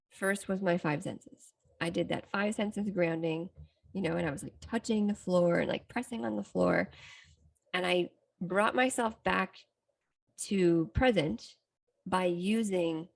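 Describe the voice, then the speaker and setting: Speaking with a creaky, fairly low-pitched voice, a middle-aged woman talks through a personal story on her self-help podcast, where she works as the psychotherapist host. She is candid and reflective, restarting sentences along the way.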